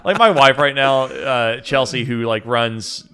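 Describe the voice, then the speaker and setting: A man's voice: mid-range voice, unhurried, fairly bright tone, smooth. A man hosting a podcast in casual chat, rambling with many fillers and frequent laughs. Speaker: podcast host.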